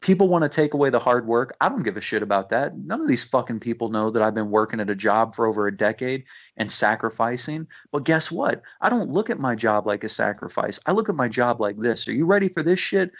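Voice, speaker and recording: A man's voice: mid-range voice, lively intonation, fairly quick, few pauses, fairly bright tone. A man, a rapper, talking intensely as a radio guest, swearing freely and restarting his sentences. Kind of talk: casual radio interview. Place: radio studio. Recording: muffled lo-fi radio audio.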